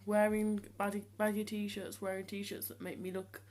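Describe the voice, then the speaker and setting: A seventeen-year-old young man talking casually to the camera in a vlog, hesitant with many ums and restarts, speaking in a voice he has deliberately trained lower. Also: level tone, a little mellow. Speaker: vlogger.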